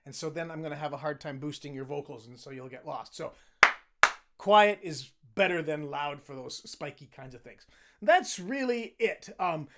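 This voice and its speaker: A man's voice: on the high side, animated, a little fast. A man whose voice is worn from cheering, giving a choir chatty, self-deprecating instructions and singing lines to demonstrate. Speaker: choir director.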